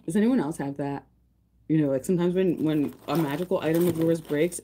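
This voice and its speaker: A woman's voice: sits low, a little fast, noisy background. A young woman hosting a casual livestream, chatting and gushing to her viewers with lots of fillers. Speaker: livestream host.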